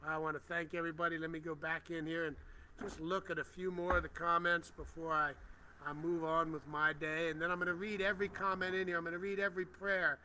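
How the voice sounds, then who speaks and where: A middle-aged man with a bright, forward voice that sits a little high, speaking softly and reverently. He reads viewers' comments and turns them into affirming prayers on a phone livestream from outdoors. A faint hiss of ambience hangs behind him. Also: level tone, quick pace. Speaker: spiritual livestream host.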